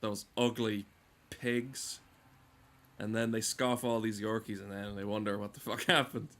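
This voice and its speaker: A man's voice: lowish voice, level tone, unhurried, fairly bright tone. A man delivering a rambling, sardonic, profane comic monologue as host of a game video.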